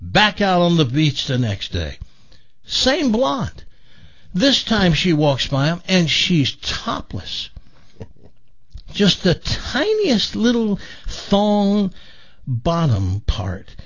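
A man's voice: high voice, drawn-out words. A man hosting a radio talk show, telling jokes and voicing the characters in them. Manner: animated joke-telling, voicing characters in quotes. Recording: dull lo-fi radio broadcast.

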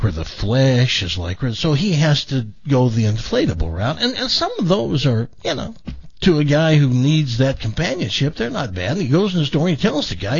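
A man's voice: medium pitch, husky. A man hosting a radio talk show, telling jokes and voicing the characters in them. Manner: animated joke-telling, voicing characters in quotes. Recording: dull lo-fi radio broadcast.

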